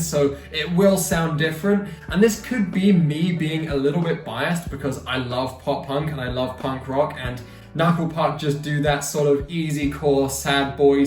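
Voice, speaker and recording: A chatty man hosts a music vlog, talking enthusiastically in a slightly high voice. He sounds roomy and far from the mic. Faint music plays underneath. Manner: enthusiastic, chatty, playful asides. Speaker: YouTube music channel host. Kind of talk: casual opinion vlog. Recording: roomy echo, distant mic, music behind.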